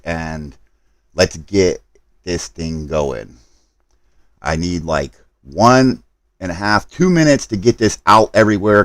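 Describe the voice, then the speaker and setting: Very low-voiced man rushing through a stream setup. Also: no echo. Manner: rushed, apologetic, talking to chat while multitasking. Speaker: gaming live streamer. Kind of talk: casual live stream chat.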